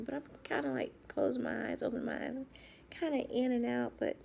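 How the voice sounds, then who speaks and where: A woman speaking in a halting, soft personal video diary, often dropping to a whisper and repeating herself as she searches for words. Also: a little high, big pitch swings, gravelly, slight background noise. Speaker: vlogger.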